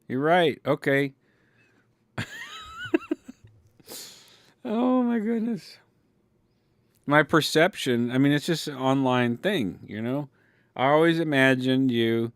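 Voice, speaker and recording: A man's voice: medium pitch, smooth, dry recording. A man from California with a Californian accent, hosting a casual chat and answering viewers, rambling with many fillers and swearing freely. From California, Ventura County. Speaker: livestream host reading chat.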